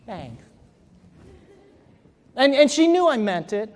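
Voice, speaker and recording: The keynote comes from a motivational speaker whose high voice has a darkish tone, delivered animatedly at normal speed. Recorded in a reverberant large hall, he recounts something personal before building to strong exhortation.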